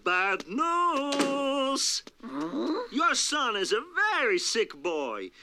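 An actor voicing a cheery, careless quack cartoon doctor with an exaggerated put-on Cuban Spanish accent and an over-the-top sing-song delivery. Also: male voice, extremely high pitch, big pitch swings, drawn-out words, background noise, full character voice. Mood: cheerful. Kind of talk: cartoon voice acting.

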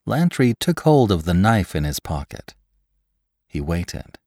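Deep-voiced male storyteller, measured and expressive. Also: no room sound, studio quality. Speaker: podcast narrator. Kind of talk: scripted narration of a classic story.

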